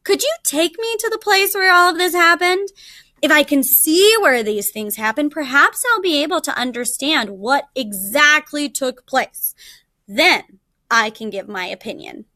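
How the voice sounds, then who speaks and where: A woman's voice: high voice, expressive, pushed and bright, dry recording, clean studio sound, exaggerated voice. A woman voicing a sly male jackal who frets and pretends to be confused in a storybook read-aloud. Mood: curious. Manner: dithering, fretful, drawn-out.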